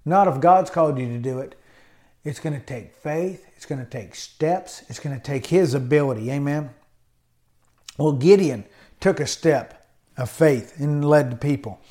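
The speaker is a pastor, an adult man with a college education, giving a sermon in an emphatic manner full of amens and hallelujahs. His pitch runs slightly high, his tone is dark, and he talks at normal speed.

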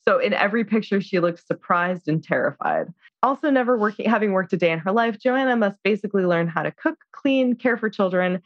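A woman of medium pitch co-hosts a podcast, recapping a film chattily with many fillers while voicing the characters' lines. There's no echo, and the dry audio comes across slightly dull.

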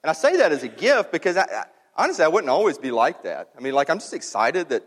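A pastor speaks to his church in a candid, conversational way, full of fillers and asides. His voice carries a long reverb from a large hall. He slows down when he reads a passage aloud. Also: on the high side, very animated. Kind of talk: sermon announcement, conversational.

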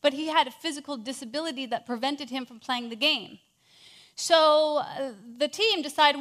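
High-voiced woman telling a sermon story. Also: moderate pace. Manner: animated storytelling, swinging from hushed to loud. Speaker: speaker.

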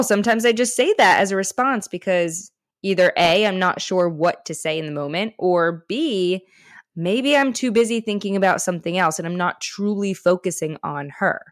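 A woman's voice: medium pitch, dry recording, studio quality. A woman hosting a self-help podcast, talking frankly and encouragingly in a conversational way. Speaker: podcast host and author. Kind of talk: candid self-help talk.

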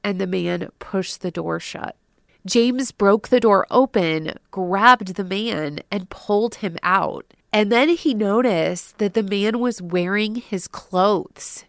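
A woman host narrating a true crime story from a script, adding personal asides and dropping to a hush at the dark moments. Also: mid-range voice, takes it slowly, gravelly, no echo, studio quality.

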